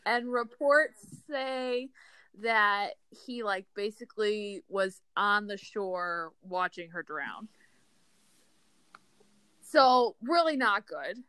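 A woman's voice: medium pitch, lively intonation, slow, bright, forceful tone, smooth, dry recording. A woman hosting a casual podcast chat, telling a story in a chatty, giggly way with many fillers. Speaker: podcast host.

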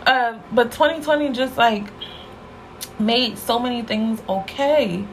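A young woman with a fairly high voice, riffing alone on her podcast in loose, candid slang. She laughs easily and her pitch leaps upward when she wants to stress a point. A faint hiss of noise sits under the recording. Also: slow, low-quality recording. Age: young adult. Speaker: podcast host. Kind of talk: casual solo podcast monologue.

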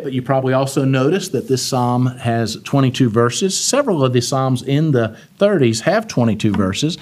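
A man teaching a Bible study, reading scripture aloud with emphasis and talking in a casual way. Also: a little high.

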